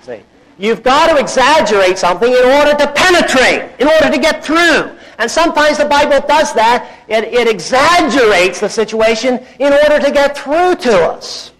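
A man preaching a sermon in a conversational, folksy way, acting out quoted voices with big swings in loudness. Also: normal speed, hardly any pauses, rough recording. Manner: animated, acts out quoted voices with big swings in pitch and volume. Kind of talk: expository sermon.

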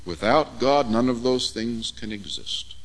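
A man preaching an expository sermon, measured and emphatic, with deliberate pauses on key words. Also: medium pitch, expressive, poor audio.

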